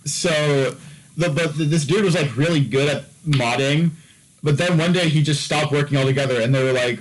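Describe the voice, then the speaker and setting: A man's voice: a little high, fairly quick, low-quality recording. A man co-hosting a podcast, telling a story in casual chat with many fillers, repeats and restarts. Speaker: podcast co-host.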